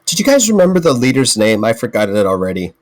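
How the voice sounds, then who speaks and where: A man's voice: mid-range voice, very animated, quick pace. A man playing a tabletop game, tossing off casual, joking remarks. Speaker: player.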